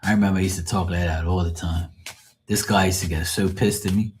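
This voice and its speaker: Bermudian guy in his 40s, lowish voice, blunt and sweary, just chatting on a live stream. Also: steady tone, fairly quick, darkish tone, a little hiss or hum. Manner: blunt, profane, storytelling. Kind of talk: casual live-stream chat.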